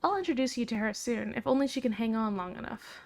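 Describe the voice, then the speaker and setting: A woman's voice: fairly high pitch, fast talker, gravelly. A woman reading a brave young princess's game dialogue aloud in her own plain voice, without putting on an accent. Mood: earnest.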